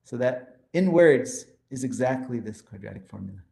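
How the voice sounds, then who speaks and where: A man's voice: mid-range voice, animated, normal speed, creaky, warm tone, roomy sound. A man giving a lecture on mathematics, explaining formulas and counting step by step with enthusiasm. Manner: explanatory, enthusiastic, pointing to slides. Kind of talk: math lecture.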